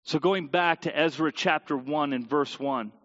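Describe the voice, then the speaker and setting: A man preaching a sermon and reading scripture aloud, animated and sometimes tripping over hard names. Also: on the high side, moderate pace. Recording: dull audio with long hall reverb.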